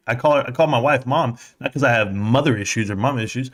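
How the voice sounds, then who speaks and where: A man hosts a live stream, reading viewer comments out loud and chatting casually in a rambling, jokey manner. His voice is medium in pitch and his pace is fast.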